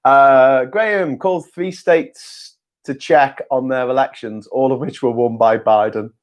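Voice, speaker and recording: A man's voice: medium pitch, unhurried. A man hosting an informal live-stream chat, reading out viewer comments with rambling, sarcastic and jokey asides and casual swearing. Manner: rambling, self-correcting. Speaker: host.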